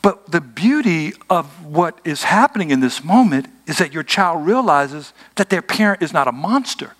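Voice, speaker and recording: A pastor preaches emphatically in a notably high, slightly bright voice, animated and at normal speed. He alternates between firm declarations and conversational asides to his congregation.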